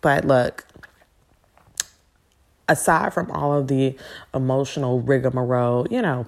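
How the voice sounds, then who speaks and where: A woman hosting a spiritual podcast, talking casually with sassy, animated asides. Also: rumbling low, vocal fry.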